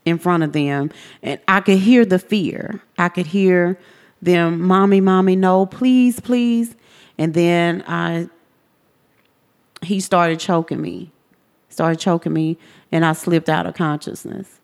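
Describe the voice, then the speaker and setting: A woman with a drawl recounts her own story as a podcast guest, her voice sitting a little low. She tells it earnestly and slips into the voices of the people she quotes. A long reverb trails behind her words. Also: fairly even intonation, slow, vocal fry, smooth. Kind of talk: personal testimony in a podcast interview.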